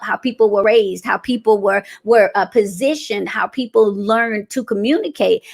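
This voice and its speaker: A woman's voice: fairly high pitch, vocal fry. A woman giving a conversational motivational talk on communication, with frequent fillers and restarts. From American South. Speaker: speaker on communication.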